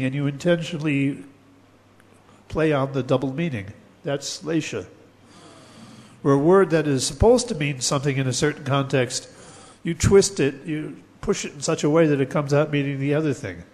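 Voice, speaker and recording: A man teaching a lecture on poetics, explaining terms step by step and chanting verses slowly. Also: fairly high pitch, a little mellow, big-room sound.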